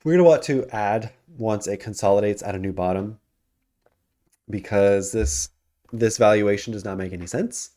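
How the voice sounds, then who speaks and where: A man's voice: lowish voice, moderate pace, warm tone. A man hosting a casual stock commentary over his screen, talking loosely with many ums and self-corrections. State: yawning and hiccuping. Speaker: investing channel host.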